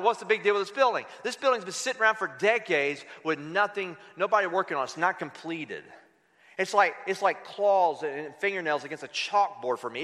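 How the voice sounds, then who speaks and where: A man's voice: high voice, sharp tone, long reverb tail. A man preaching a sermon, quoting scripture with dramatic emphasis and leading the congregation in reading aloud. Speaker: pastor.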